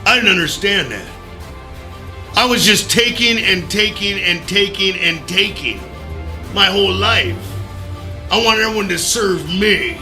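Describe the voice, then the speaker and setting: Man, high voice, very bright, animated storyteller, some quiet music behind. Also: unhurried, long pauses. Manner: animated, acts out his own voice in quotes, loud bursts; mild profanity, folksy. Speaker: recovery speaker. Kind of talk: motivational storytelling talk.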